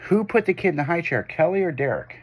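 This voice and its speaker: A man's voice: a little high, animated, fast talker. A man hosting a casual radio chat, teasing his guest and prompting him with questions.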